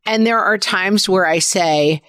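A woman's voice: mid-range voice, a little slow, fairly bright tone, no room sound, studio quality. A woman in her forties co-hosting a podcast, chatting casually and telling stories from home. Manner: conversational, storytelling about parenting. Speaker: podcast co-host.

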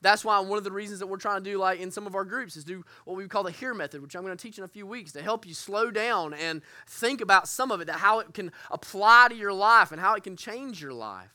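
Man, pastor, teaching a church group, earnest, candid, bright tone, dry close recording. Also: high-pitched, fast, hardly any pauses, no room sound. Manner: earnest, candid, self-deprecating with frequent restarts.

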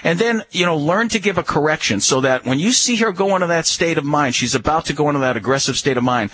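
A man's voice: on the high side, lively intonation, fast talker, a bit bright, a little hiss or hum, rough recording. A man on a call-in radio show giving dog-training advice in a firm, instructive way, often repeating key words.

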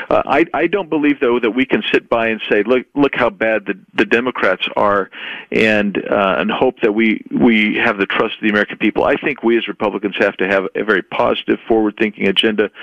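A man, a congressman and guest on a radio show, answering in a measured, earnest way with frequent fillers. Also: lowish voice, dry recording, muffled recording.

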